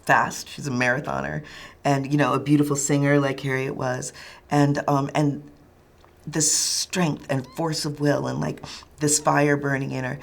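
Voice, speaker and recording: A woman film director in a press interview, speaking reflectively and pausing often to search for words. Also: a bass voice, level tone, vocal fry.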